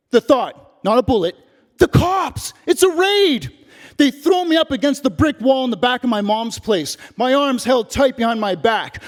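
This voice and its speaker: A male stage performer from Canada delivering a dramatic one-man monologue in an animated way. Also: very high-pitched, moderate pace, long reverb tail. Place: theater stage.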